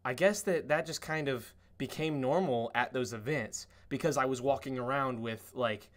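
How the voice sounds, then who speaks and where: A man's voice: mid-range voice, normal speed. A man hosting a casual podcast, telling long rambling stories packed with "like" fillers and swearing. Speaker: podcast host.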